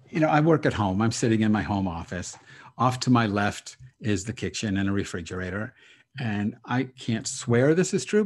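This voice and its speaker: A rabbi speaking as a guest on a video call, reflective and hesitant, laughing often between thoughts. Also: male voice, fairly low pitch. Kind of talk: casual spiritual talk over video call.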